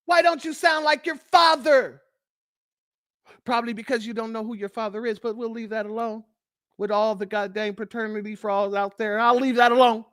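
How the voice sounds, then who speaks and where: Very high-voiced man ranting combatively. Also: steady tone, normal speed, fairly bright tone, no room sound, clean studio sound. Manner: combative, lists points one by one. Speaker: livestream host. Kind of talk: heated commentary.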